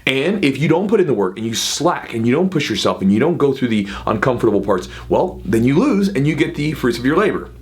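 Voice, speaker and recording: A man in his thirties, a jiu-jitsu coach, talking casually to camera with quick asides and frequent "right?". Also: mid-range voice, big pitch swings, a little mellow. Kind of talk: casual advice talk to camera.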